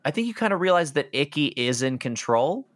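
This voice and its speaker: Lively, laid-back game master man. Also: a little high, brisk. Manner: relaxed, laughing, loose. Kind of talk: running a tabletop game.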